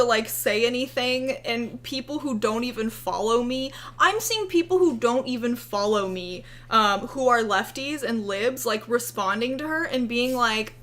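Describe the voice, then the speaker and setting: A young woman hosting a casual commentary video, sarcastic, profane and quick to laugh. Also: fairly high pitch, bright, forceful tone.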